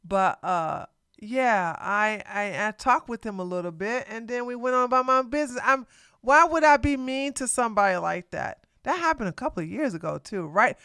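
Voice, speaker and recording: A woman's voice: fairly high pitch, expressive, moderate pace, bright, forceful tone, clear, resonant tone, no room sound, clean studio sound. A woman hosting a live reaction stream, talking back at the video with sassy, offhand remarks. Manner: sassy, interjecting, talks back at the clip. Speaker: livestream host reacting to a video. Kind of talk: casual live reaction chat.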